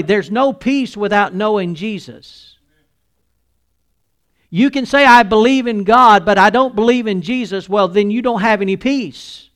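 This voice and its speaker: A male pastor preaching a sermon, reading scripture aloud and explaining it with earnest restarts. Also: high voice.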